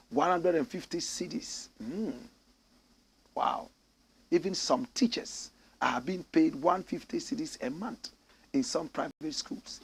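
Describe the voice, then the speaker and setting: Ghanaian man, middle-aged show host, gravelly, husky, slightly raised pitch, impassioned. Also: unhurried. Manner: impassioned, swings between loud declarations and sighing asides. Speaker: show host reading viewer comments. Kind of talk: live commentary show.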